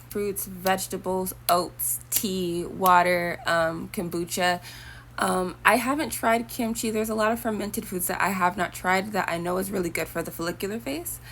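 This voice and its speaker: A woman's voice: medium pitch, fairly bright tone, slight background noise. A young woman talking casually to her viewers, rambling and chatty with preachy asides. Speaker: vlogger. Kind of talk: casual talk to camera.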